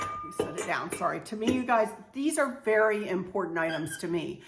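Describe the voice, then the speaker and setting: Speaking briskly in a medium-pitched voice with lively intonation, a home decor vlogger in her sixties shows off purchases and family heirlooms at home. Her casual show-and-tell vlog is chatty and gushing, full of "you know" and "cute," and the room echoes.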